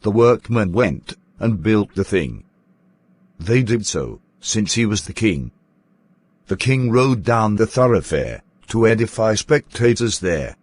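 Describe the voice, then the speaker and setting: A man narrates a rhyming tale in a measured, storytelling manner. He keeps a slow pace and a fairly low voice. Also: very animated, slightly rough.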